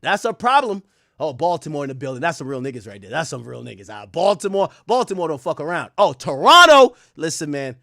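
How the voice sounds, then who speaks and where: Brief: young male stream host, high voice, dry close sound, joking and profane. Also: very animated, quick pace, gravelly, no room sound. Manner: loose, profane, joking, shouts out chat. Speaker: livestream host. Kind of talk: casual livestream commentary.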